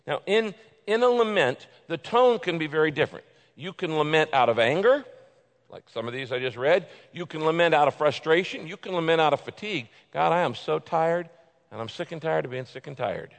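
A man preaching a sermon, reading scripture aloud and moving from loud pleading passages to quiet, intimate asides. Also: fairly high pitch. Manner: dramatic, swings from loud pleading to hushed intimacy. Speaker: pastor. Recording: long hall reverb.

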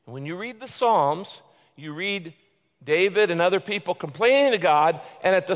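A man's voice: sits high, animated, normal speed. Preaching man in a reverberant hall. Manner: dramatic, swings from loud pleading to hushed intimacy. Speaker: pastor. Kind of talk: sermon.

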